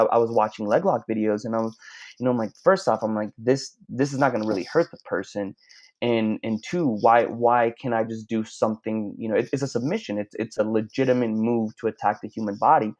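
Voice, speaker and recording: A man chatting casually in an interview, telling stories in a halting, rambling way. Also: medium pitch, fairly even intonation, a little mellow. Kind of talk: casual chat. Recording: dull lo-fi sound.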